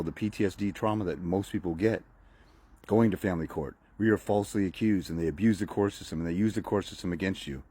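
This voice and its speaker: A man's voice: sits low, darkish tone, slightly rough. A man ranting bluntly and profanely to camera as a fathers' rights advocate, mocking and preachy. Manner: preachy, uses film analogies. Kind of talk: motivational rant to camera.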